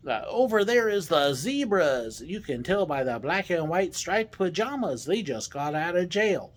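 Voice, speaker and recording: A man's voice: sits high, sing-song, pitched above the performer's own voice, heavily acted. A man putting on a hammy Texas drawl. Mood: jokey. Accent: put-on Texas drawl. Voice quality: slow, jokey drawl. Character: goofy male tour driver in a fake Texas drawl.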